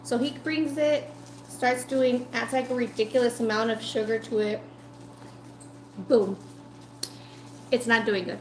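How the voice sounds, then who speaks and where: A woman's voice: fairly high pitch, unhurried, pauses often, slight background noise. Chatty woman food vlogger, echoey room. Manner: chatty, animated, lots of "like". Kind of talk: casual storytelling while eating.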